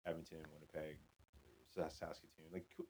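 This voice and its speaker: A man's voice: extremely low pitch, little pitch movement, brisk, a little mellow, breathy edge. A man from Canada who writes for comedy shows, telling rambling stories in casual podcast chat, swearing freely. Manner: rambling, swears freely, quotes people in voices.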